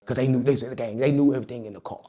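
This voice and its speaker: A man's voice: medium pitch, very fast. A man telling a story as an interview guest, joking and mimicking the people in it. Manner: animated, joking, mimics others. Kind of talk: casual storytelling.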